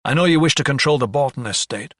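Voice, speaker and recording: A man's voice: mid-range voice, animated, fast talker, dry recording, studio quality, lightly acted. A man voicing a young, earnest doctor who speaks with indignation. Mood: indignant.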